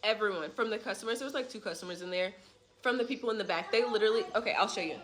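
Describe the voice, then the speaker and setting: A young woman telling a rambling, animated story about her family's trip in a casual vlog at home, with swearing and side remarks. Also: medium pitch, very fast. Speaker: family vlogger. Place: at home in a rental apartment.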